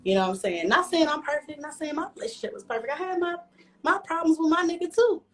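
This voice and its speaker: A woman's voice: high-pitched, quick pace. A woman vlogger telling a story to camera, profane and emphatic. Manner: profane, emphatic, animated retelling.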